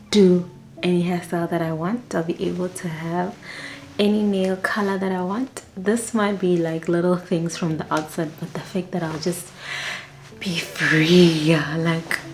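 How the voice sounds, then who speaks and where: A young woman, a flight attendant chatting excitedly in a casual vlog. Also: fairly low pitch, a little slow, faint music behind, rough recording. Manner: chatty, excitable, acts out quotes.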